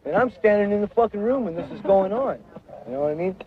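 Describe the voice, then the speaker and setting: A man's voice: sits high, expressive, fast talker, crowd noise. A man telling a story in casual, rambling, profane talk, tagging his lines with "right?". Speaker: interviewee. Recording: muffled old film audio with loud street noise.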